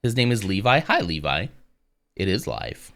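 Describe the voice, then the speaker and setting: This low, creaky-voiced man from the United States talks at a normal speed during a casual live stream. His manner is laid-back and meandering as he reads text out loud and replies to chat.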